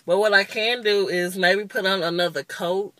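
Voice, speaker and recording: A woman's voice: mid-range voice, steady tone, normal speed, fairly bright tone. A woman in her twenties giving a casual, rambling makeup review, openly annoyed and chatty. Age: 20s. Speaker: beauty vlogger.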